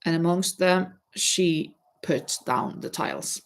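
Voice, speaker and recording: A woman with a fairly low voice chats to her viewers during a knitting livestream. She talks slowly and rambles, stopping to restart words and wandering between thoughts as she works. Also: vocal fry. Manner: chatty, addresses viewers directly. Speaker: livestream host. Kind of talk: casual livestream chat while knitting.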